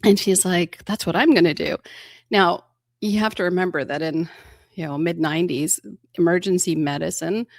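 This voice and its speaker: A woman's voice: low voice, no room sound, studio quality. A woman in her fifties, an emergency room physician and interview guest, telling stories casually and acting out quoted dialogue with frequent laughter. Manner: animated, acts out quoted dialogue, laughs often.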